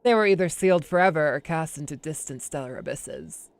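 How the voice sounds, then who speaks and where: A man's voice: on the high side, a little fast, clear, resonant tone, lightly acted. A man voicing an aloof female genius scientist with a dry, matter-of-fact delivery.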